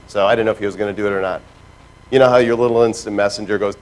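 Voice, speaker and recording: A man giving a lively seminar talk to a live audience, telling stories with sound effects and mimicked voices. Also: medium pitch, brisk, low-quality recording. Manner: animated storytelling with character voices and sound effects. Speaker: keynote speaker. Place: stage before a live audience.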